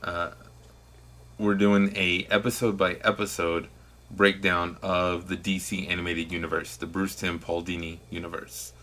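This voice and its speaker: Bright deep-voiced podcast host. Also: male voice, little pitch movement, a little slow. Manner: earnest, hedging, plugs his show. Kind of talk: casual podcast talk.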